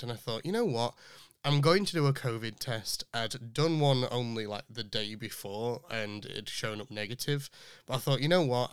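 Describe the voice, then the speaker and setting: Chatty man, smooth dry voice. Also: mid-range voice, fairly bright tone, dry recording. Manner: chatty, rambling with many fillers and restarts. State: voice still rough from illness. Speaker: podcast host. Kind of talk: casual chat.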